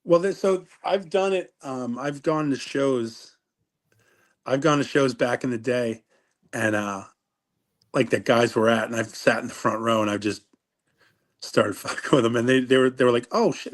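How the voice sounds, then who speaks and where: A man's voice: mid-range voice, moderate pace. Rambling middle-aged man. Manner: rambling, self-interrupting storyteller. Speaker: interview guest, former wrestler. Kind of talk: casual interview chat.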